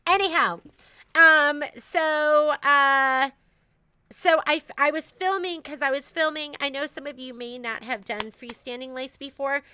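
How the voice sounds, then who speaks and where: A woman's voice: high-pitched, steady tone, moderate pace, few pauses, sharp tone. A woman hosting a casual store livestream, chatting in a rambling way with lots of fillers and restarts.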